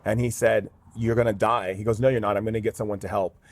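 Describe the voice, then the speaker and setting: A man's voice: lowish voice, steady tone, fast. A man, a guest shaman in an interview, telling a story earnestly with many fillers. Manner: earnest, with frequent "um" and "like".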